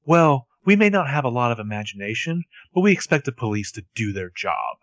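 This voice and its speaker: A man's voice: medium pitch, very animated, brisk, fairly bright tone, dry recording. A man voicing a defensive middle-aged father in a casual podcast role-play reading, answering curtly.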